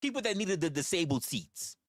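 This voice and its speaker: A man's voice: fairly high pitch, big pitch swings, brisk, no room sound. New guy in his 40s ranting on a livestream, cusses a lot, voice jumps all over, dry close sound. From New York. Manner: profane, rambling storytelling. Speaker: livestream host. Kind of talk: casual livestream chat.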